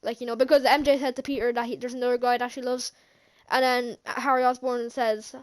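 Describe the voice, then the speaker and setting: Speaking a little fast with a fairly high, flat delivery and hardly any pauses, a female movie reviewer rambles through a film recap. She laughs a lot and keeps restarting her sentences.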